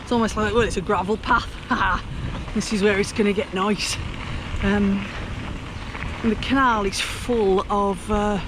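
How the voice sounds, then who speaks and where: A woman's voice: medium pitch, fairly even intonation, unhurried. A woman with a Black Country accent, giving jokey, down-to-earth commentary while out on a canal towpath. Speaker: vlog presenter. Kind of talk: chatty outdoor vlog commentary. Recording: outdoor noise on the mic.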